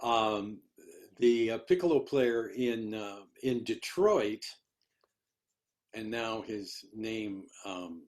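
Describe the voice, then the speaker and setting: Older man, retired orchestral musician, slow delivery, rambling storyteller, repeats words as he searches for them. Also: fairly low pitch. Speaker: interviewee, retired orchestral piccolo player. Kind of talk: conversational storytelling in a discussion.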